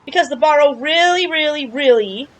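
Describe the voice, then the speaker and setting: A woman's voice: sits high, lively intonation, moderate pace, a little hiss or hum, rough recording. A woman giving chatty, playful commentary while playing a video game, joking and exclaiming at surprises. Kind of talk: casual game playthrough commentary.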